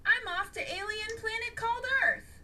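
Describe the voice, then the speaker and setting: A woman reading the part of a mysterious shadow who carries messages, calm and reassuring, in a storybook. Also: very high-pitched, moderate pace, recorded from a distance, voice pushed up, exaggerated voice.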